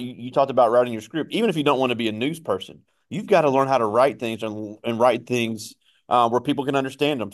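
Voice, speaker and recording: A man hosting a school career talk, asking questions in a friendly and rambling way. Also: medium pitch. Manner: friendly, rambling, repeats himself. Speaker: school interviewer and host.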